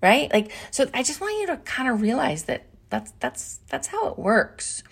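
A middle-aged woman hosting a motivational talk show, energetic and playful, repeating phrases for emphasis. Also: high-pitched, normal speed, creaky, husky. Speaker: podcast host.

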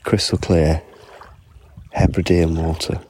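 A man's voice: extremely low pitch, little pitch movement, slow pace, darkish tone, husky, no room sound, low-quality recording. A man chatting away in a rambling, self-mocking podcast monologue as he walks along an island beach. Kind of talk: casual walking podcast monologue. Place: outdoors on a foggy island beach. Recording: outdoor water noise. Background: lapping water.

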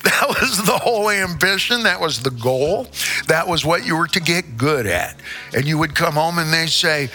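A man from Indiana rambles through a comic monologue on a live stage, circling back and repeating himself with playful asides. His voice sits a little high and sounds bright and forceful. Faint music plays underneath. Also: animated, moderate pace. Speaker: singer performing on stage.

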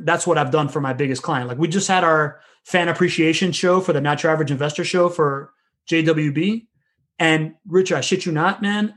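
A man talking shop in a rapid, rambling casual conversation, swearing now and then. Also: on the high side, a bit bright. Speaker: podcast business consultant.

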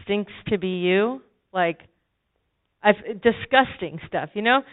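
Preacher, sermon testimony, emphatic repetition, medium pitch, dull lo-fi recording. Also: lively intonation, takes it slowly.

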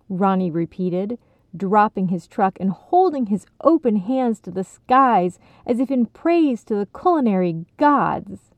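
A woman narrates a children's story in an expressive, measured reading. Her voice is gravelly and a touch low, and she takes her time. The sound is tinny and phone-like, with a dry, close feel. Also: dry recording.

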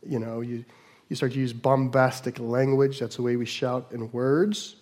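A middle-aged man preaching a sermon, moving between loud mock shouts and quiet asides. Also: mid-range voice, steady tone, moderate pace. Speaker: pastor.

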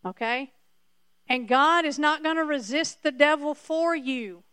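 A woman's voice: high voice, a little slow, a bit bright, no room sound, clean studio sound. A woman preacher giving a sermon emphatically, repeating her points to the congregation.

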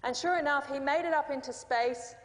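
Woman, fairly high voice, sermon, chatty storytelling, long hall reverb. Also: a little fast. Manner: conversational storytelling with jokes and asides. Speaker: preacher.

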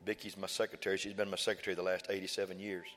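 Folksy pastor in reverberant church. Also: male voice, deep voice, little pitch movement, very fast. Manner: folksy storytelling with emphatic repeated phrases. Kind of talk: sermon testimony. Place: church sanctuary. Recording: church hall reverb with faint music.

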